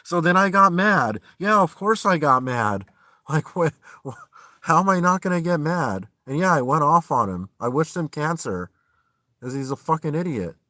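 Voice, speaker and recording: A man in a heated, profanity-laced live-stream rant from his van. His voice has a bright, sharp edge and sits close and dry on the mic. He jumps from loud outbursts to weary, low muttering. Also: sing-song, moderate pace, dry recording. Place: inside a parked van.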